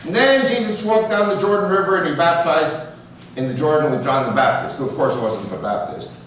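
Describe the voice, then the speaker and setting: In a church sanctuary, a New York–accented American guest gives a talk full of stories and jokes, speaking a little fast in a fairly high, somewhat bright voice. He chats casually, acting out dialogue and adding humorous asides, recorded on a distant mic with roomy echo and a little hiss or hum.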